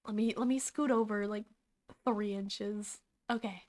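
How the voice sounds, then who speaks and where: A young woman streaming casually, chatty and excitable, swearing freely, suffering from hiccups. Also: medium pitch, measured pace. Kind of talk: casual livestream reaction.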